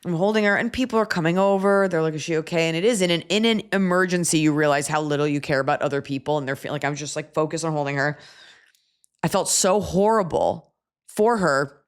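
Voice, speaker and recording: A woman hosting a podcast, telling a story in a casual, animated way with profane asides. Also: deep voice, fast, clean tone. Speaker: podcast host.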